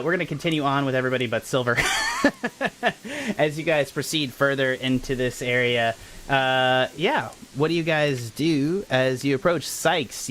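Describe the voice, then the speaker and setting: A man's voice: mid-range voice, a bit bright, slight background noise. A man running a tabletop horror game on a live stream, talking casually, apologizing often and restarting his sentences. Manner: rambling, apologetic, lots of restarts. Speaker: game master.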